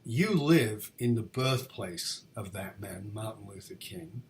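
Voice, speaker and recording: A middle-aged man from northern England hosting a podcast interview, telling stories in an earnest, animated way. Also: on the low side, takes it slowly, a little hiss or hum. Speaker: podcast host. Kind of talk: interview chat.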